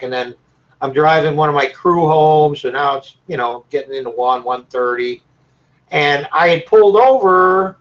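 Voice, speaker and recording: A man on a group call telling stories casually and laughing at them. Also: on the high side. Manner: animated, laughs at his own stories. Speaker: caller in a discussion group. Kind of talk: casual storytelling. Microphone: call audio. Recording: dull lo-fi call audio.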